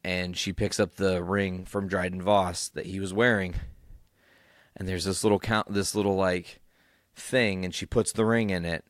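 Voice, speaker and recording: A young man hosting a podcast alone, recapping excitedly, rambling and swearing freely. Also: sits low, moderate pace, no echo, clean studio sound. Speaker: podcast host. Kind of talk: casual solo recap.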